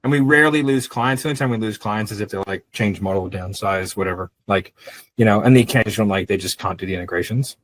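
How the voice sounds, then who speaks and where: A middle-aged man, a business owner, chatting casually on a podcast in a blunt, profane, animated storytelling way. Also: fairly low pitch, quick pace, no echo, rough recording.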